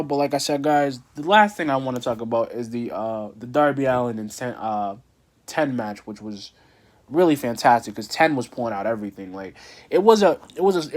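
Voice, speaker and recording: A young man casually recapping a wrestling show, rambling with many fillers and restarts. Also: mid-range voice.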